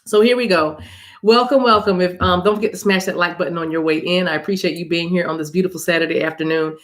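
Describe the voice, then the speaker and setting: A woman's voice: lowish voice, fairly even intonation, quick pace. A woman hosting a spiritual reading livestream on her phone, chatting casually with viewers, laughing, and calling them y'all. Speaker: spiritual reader and channel host.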